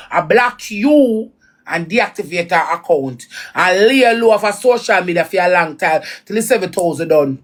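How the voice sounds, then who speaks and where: A woman with a Jamaican accent giving blunt, repetitive commentary in patois on a reaction vlog. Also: mid-range voice.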